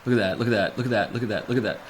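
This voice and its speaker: A man streaming a video game, talking casually and rambling, then bursting into loud excited shouts during play. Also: on the low side, very fast. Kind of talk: casual live gameplay commentary.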